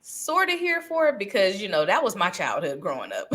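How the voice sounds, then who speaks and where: A woman co-hosting a casual podcast chat, laughing often and chiming in with quick reactions. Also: mid-range voice, wildly swooping pitch, a bit bright. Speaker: podcast co-host.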